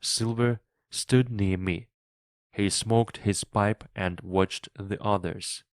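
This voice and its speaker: A man reads a simplified adventure book aloud for learners, very slowly and clearly. His voice sits somewhat low, and the recording is dry and close, with no room sound. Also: no echo. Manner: slow, clear and even reading. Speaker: English teacher reading a graded book. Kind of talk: slow read-aloud narration for learners.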